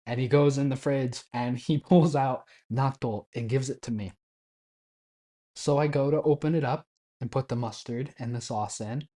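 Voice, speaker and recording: A man's voice: mid-range voice, steady tone, normal speed, mellow. A man in his twenties casually telling a travel story, chatty and laughing often, acting out bits of quoted Japanese. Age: 20s. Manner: acts out quoted Japanese phrases.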